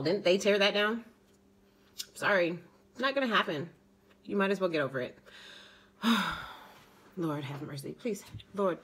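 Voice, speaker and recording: A woman's voice: on the low side, a bit bright, poor audio. A young woman vlogger delivering an indignant, sarcastic political rant to her camera. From United States.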